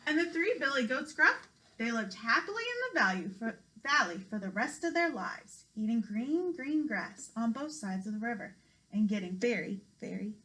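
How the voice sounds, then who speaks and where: A preschool teacher reading a children's story aloud. Her woman's voice is bright and a touch high, rising and falling in a playful sing-song to hold small listeners. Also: sing-song, normal speed, rough recording. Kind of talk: children's read-aloud narration.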